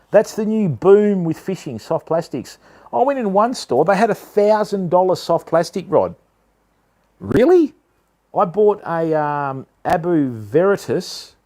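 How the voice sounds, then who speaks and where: Slangy Australian man, fairly high voice. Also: a little mellow. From Western Australia. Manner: laid-back, slangy, calls viewers mate and fam; rambling, with many fillers. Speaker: fishing tackle streamer. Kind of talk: casual live-stream chat with a tackle demo.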